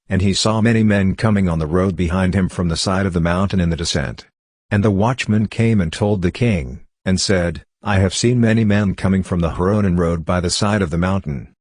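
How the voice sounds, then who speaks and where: A man reading scripture aloud as scripted narration, with a steady, measured delivery. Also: low voice, dry recording, clean studio sound. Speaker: Bible reader.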